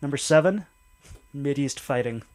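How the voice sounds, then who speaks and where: A man's voice: medium pitch, animated, moderate pace, a little mellow. A man co-hosting a podcast, reading out news items and dismissing them dryly. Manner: dry, dismissive commentary. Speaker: podcast co-host reading the list. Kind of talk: casual comedic chat.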